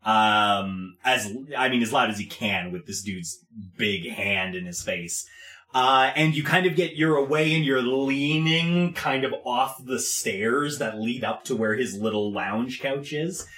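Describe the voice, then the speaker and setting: A man's voice: mid-range voice, unhurried, a bit bright, roomy sound. A man narrating as game master, casual and hesitant, with frequent fillers.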